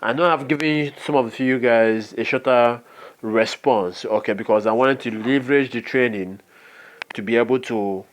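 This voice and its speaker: A man's voice: medium pitch, normal speed. A man with a Nigerian accent giving a motivational business training talk, earnest and often checking in with "okay?". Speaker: network marketing trainer.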